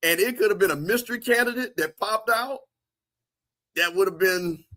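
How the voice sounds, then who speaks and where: A man's voice: high-pitched, normal speed. A man hosting a casual livestream, joking and talking straight to his viewers in the chat. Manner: animated, joking, talks to chat. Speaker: livestream host.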